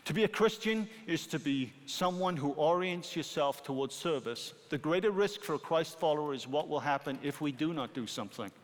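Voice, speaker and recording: A middle-aged British man preaching a sermon as pastor, animated and rising to emphatic peaks. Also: fairly high pitch, brisk, hardly any pauses. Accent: British English. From Britain. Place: church sanctuary. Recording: long hall reverb.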